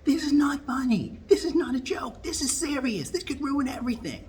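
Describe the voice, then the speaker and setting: A man doing an impression of a frantic, shrill woman politician who accuses and rants in a high, shrieking voice. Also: lively intonation, moderate pace, darkish tone, a little hiss or hum. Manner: high-pitched, shrieking, ranting.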